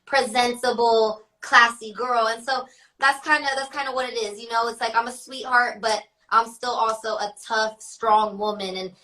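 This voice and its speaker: A woman's voice: a little high, fairly even intonation, normal speed, pushed and bright, recorded from a distance, low-quality recording. A young woman talking casually as an interview guest, chatty and full of "like" fillers, often laughing. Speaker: guest, rapper.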